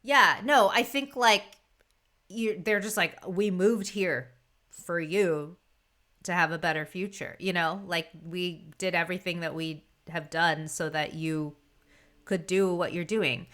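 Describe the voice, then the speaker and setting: Woman guest, thirties, clear bright voice, emotional, laughs often. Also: on the low side, a little slow. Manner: emotional, laughing between sentences. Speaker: podcast guest. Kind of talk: casual conversation.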